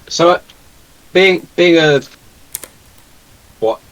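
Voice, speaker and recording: A man's voice: a little high, lively intonation, drawn-out words, fairly bright tone, muffled recording. A man playing in a casual tabletop game, stammering and playful. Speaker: player.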